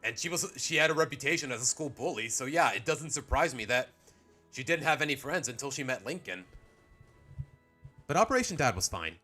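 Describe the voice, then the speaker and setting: Soft music plays as this man speaks a little fast in an animated, medium-pitched voice that sounds pushed and bright. The Mexican streamer ranks cartoon episodes, rambling, voicing strong opinions, and interrupting himself mid-sentence.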